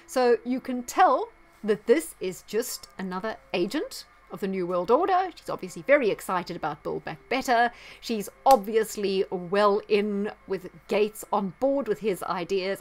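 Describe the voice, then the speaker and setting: A woman giving a sarcastic, indignant commentary on her vlog, with emphatic outbursts. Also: mid-range voice. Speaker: astrology vlogger.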